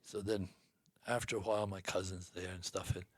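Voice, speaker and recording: Brief: older man from Vermont, lowish voice, easy unhurried yarn-spinner. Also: little pitch movement, husky, no room sound, clean studio sound. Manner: folksy, unhurried storyteller. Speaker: hunting guest. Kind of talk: storytelling interview.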